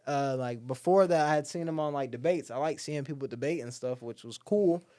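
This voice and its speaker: A young man talks casually as a podcast guest, his voice a little higher than most and smooth and clear. He is a lively storyteller who slips into the voices of the people he quotes, peppering his talk with "like" and "bro.". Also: fairly quick. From Alabama. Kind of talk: casual conversation.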